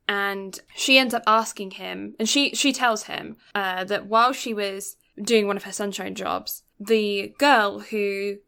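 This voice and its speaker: A woman's voice: medium pitch, steady tone, takes it slowly, vocal fry, few pauses, sharp tone, smooth. A woman podcast co-host, retelling a film's plot in casual chat and acting out the characters' lines.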